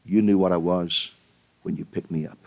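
A man's voice: sits low, steady tone, moderate pace, vocal fry, a little mellow, highs cut off, voice pushed down. A man voicing a pleading, cunning rattlesnake. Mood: cold.

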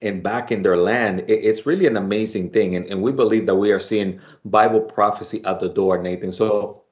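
A man's voice: fairly low pitch, fairly even intonation, a little fast, dull audio. A man with a Bronx Spanish accent hosting a Bible study program, chatting casually with many fillers. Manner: warm, laughs easily, many "uh" fillers.

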